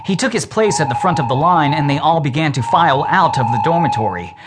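Measured male audiobook narrator, loud hiss. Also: a little high, lively intonation. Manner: slow, measured reading. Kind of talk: scripted narration of a children's book.

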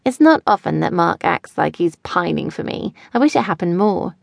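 A woman's voice: fairly low pitch, big pitch swings, moderate pace, creaky, no room sound, clean studio sound. A woman narrating a first-person audiobook in a wry, chatty way. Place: studio.

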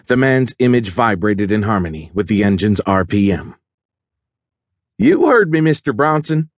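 A man narrating a thriller audiobook in a steady, measured storytelling manner. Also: on the low side, breathy edge, dry recording, clean studio sound.

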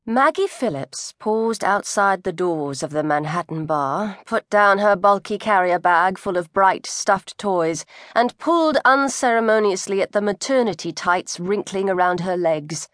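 A woman's voice: medium pitch, animated, unhurried, a bit bright, dry recording. Woman narrating a novel in a dry studio. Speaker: audiobook narrator. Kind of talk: scripted narration.

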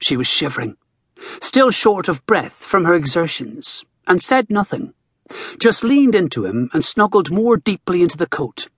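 A man narrating a novel as an audiobook, in an expressive storytelling manner. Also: high voice, normal speed, husky, dry recording, clean studio sound. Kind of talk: scripted narration.

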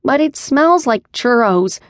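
A squeaky little male creature, forever hungry and nosy, whining and pleading in a high voice that leaps up sharply, as a woman narrator puts him on. The storybook critter sounds petulant and cheeky. She voices him in a dry, close recording. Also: expressive, slow pace, no echo. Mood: whiny.

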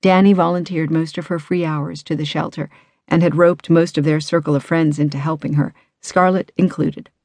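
Lady reading a thriller audiobook, even steady delivery, dead dry studio sound. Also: sits low, normal speed, gravelly, dry recording. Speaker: audiobook narrator. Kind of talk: scripted audiobook narration.

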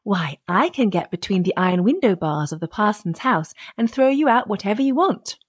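A woman's voice: mid-range voice, very animated, moderate pace, slightly rough, dry recording, studio quality. A woman voicing a tiny, mischievous boy hero in an audiobook, with a perky, cheeky manner. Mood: sly. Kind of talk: audiobook character reading.

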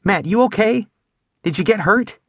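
Storybook boy of twelve, protective and anxious, put on by a male narrator, raised pitch, urgent. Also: animated, moderate pace, fairly bright tone, husky, dry recording, heavily acted. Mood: worried. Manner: urgent and breathless. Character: anxious twelve-year-old boy, protective big brother.

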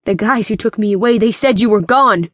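A man's voice: high-pitched, a little fast, fairly bright tone, no echo, clean studio sound. Woman voicing a shaky, bitter young man. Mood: shaken. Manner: shaky, hardening voice.

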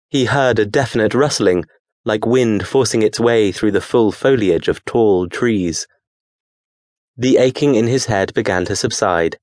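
Male narrator, lowish voice, measured audiobook reading, dry booth. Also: dry recording.

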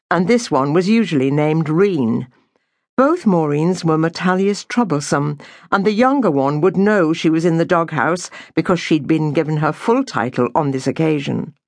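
A woman reading an audiobook novel aloud in a measured, unhurried storytelling manner. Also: deep voice, lively intonation, a little mellow, no echo, studio quality. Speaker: audiobook narrator. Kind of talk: scripted narration.

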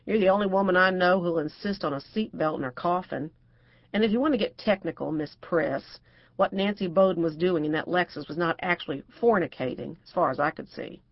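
A woman's voice: lowish voice, a little fast, dry recording, lo-fi sound. A woman narrator voicing a brassy, outspoken middle-aged divorcée who talks bluntly and crudely.

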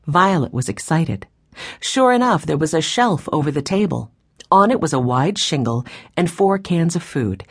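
A woman narrating a children's audiobook with clear, expressive storytelling on a close mic. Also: low-pitched, normal speed.

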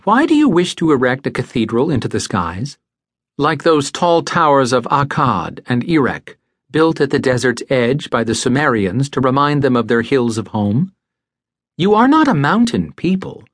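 Courteous male angel, earnest and grave, measured formal speech, lively melodic pitch, dry close sound, as an audiobook narrator reads him. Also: no room sound.

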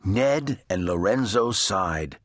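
A man narrating a children's audiobook in a slow, expressive storytelling manner. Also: lowish voice, no echo, clean studio sound.

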